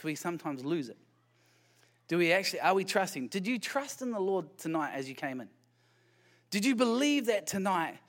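A man preaching a sermon as pastor. He speaks conversationally, firing rhetorical questions at the congregation and slipping in light self-deprecating humor. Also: sits high.

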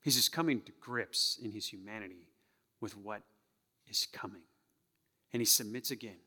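A male pastor preaching a sermon, acting out tones of voice and sometimes dropping to a hush. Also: lowish voice, normal speed, long pauses, breathy edge, big-room sound. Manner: animated, acts out tones of voice, drops to a hush. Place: church sanctuary.

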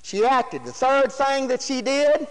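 A man preaching a sermon in a very high voice, folksy and emphatic. He keeps putting questions to the congregation. His voice rings with the long reverb of a church hall. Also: very animated, a little slow, smooth.

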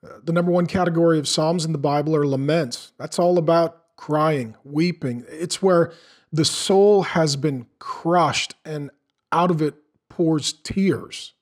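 A man's voice: a little high, a little slow. A middle-aged man preaching a sermon in an earnest, conversational way, asking the listeners questions. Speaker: pastor.

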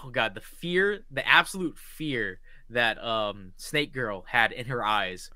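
A man in casual chat about anime, animated and profane, laughing often. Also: mid-range voice, slow pace, dry recording.

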